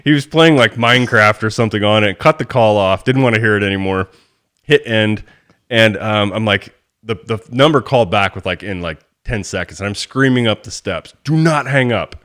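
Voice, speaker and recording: A man hosting a podcast, chatting casually about sports and telling a story with lively swings and the odd curse. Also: fairly low pitch, fairly quick. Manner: animated storyteller, swears freely. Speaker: podcast host.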